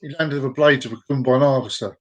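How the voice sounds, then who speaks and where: A man hosting a comedic live show, telling a long joke in a playful, drawn-out, sing-song way. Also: medium pitch, fairly bright tone. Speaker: show host.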